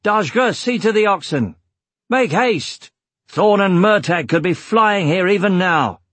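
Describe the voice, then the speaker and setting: A man voicing a gruff male warrior leader in an audiobook, shouting commands at his people. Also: high voice, animated, a little slow, dry recording, pitched above the performer's own voice, full character voice. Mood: commanding.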